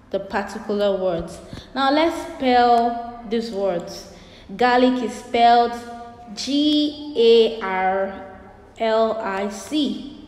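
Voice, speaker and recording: Slow, deliberate woman teaching phonics. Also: medium pitch, darkish tone. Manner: slow, deliberate, repeats words for pupils to copy. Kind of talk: phonics lesson for children. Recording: echoey room with long reverb.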